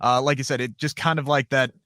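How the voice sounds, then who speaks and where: A man's voice: medium pitch, fairly even intonation, a little fast, pushed and bright, no echo, studio quality. A man hosting a wrestling podcast, asking long, chatty questions in a casual interview.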